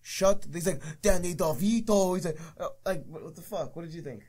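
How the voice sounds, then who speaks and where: A man's voice: fairly high pitch, fast talker, darkish tone, slightly rough. A young man co-hosting a podcast, ranting in casual, profane chat about a movie he hated. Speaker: podcast co-host.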